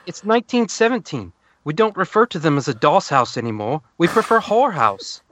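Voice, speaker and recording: A man's voice: fairly high pitch, big pitch swings, brisk, a bit bright, dull audio, pitched above the performer's own voice. A man voicing a crude, rambling man writing home in old slang, in an exaggerated mock-British delivery. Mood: mock-earnest.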